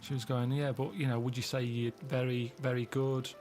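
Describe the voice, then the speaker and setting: A man telling rambling anecdotes in a deadpan, plodding way during casual comic chat. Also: mid-range voice, normal speed. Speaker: co-host.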